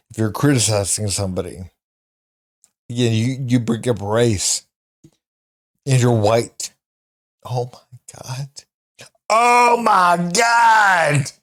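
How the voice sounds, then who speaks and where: A man's voice: medium pitch, darkish tone. A man giving casual commentary on clips, repeating and restating his points emphatically. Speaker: online commentator.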